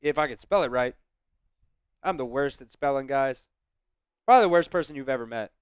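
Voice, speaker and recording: A man hosting a live stream, chatting with viewers and shouting excited play-by-play football calls. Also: medium pitch, brisk, clear, resonant tone, no echo.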